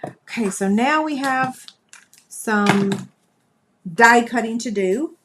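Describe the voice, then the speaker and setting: Speaking slowly in a higher-pitched voice, this crafting livestream host keeps up a chatty, homespun conversation with her viewers while she works on a live demonstration. Background noise is audible.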